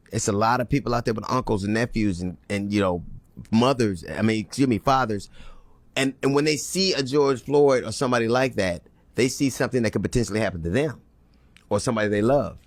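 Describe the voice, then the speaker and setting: A man's voice: mid-range voice, no echo. A man speaking bluntly and conversationally as a guest in a panel discussion. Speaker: comedian guest.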